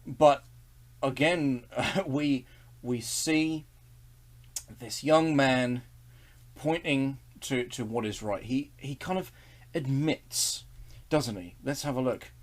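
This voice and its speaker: Male Bible study leader, video talk, earnest, enthusiastic, chuckles often, mid-pitched. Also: takes it slowly, long pauses.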